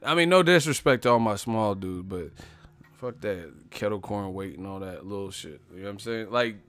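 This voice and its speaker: A man's voice: on the low side, animated, normal speed, a bit bright. A man hosting a boxing channel, riffing in a loose, profane comedic rant and laughing often. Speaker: boxing commentator.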